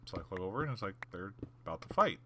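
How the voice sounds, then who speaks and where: Low-voiced man rambling over gameplay. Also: big pitch swings, fast talker, noisy background. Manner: rambling, many fillers and restarts. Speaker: gaming channel host. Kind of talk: casual storytelling over gameplay.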